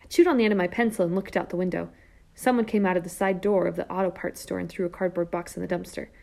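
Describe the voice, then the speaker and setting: A woman reading a first-person children's novel aloud, lively and character-driven, with whispered asides. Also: on the low side, quick pace, gravelly. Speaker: audiobook narrator. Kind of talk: first-person storybook narration.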